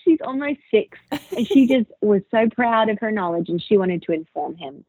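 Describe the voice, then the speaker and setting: A woman's voice: a little high, moderate pace, husky, no room sound, rough recording. A woman in her thirties, a podcast guest, telling stories expressively and acting out what people said. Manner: expressive storyteller, acts out quotes. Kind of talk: casual chat.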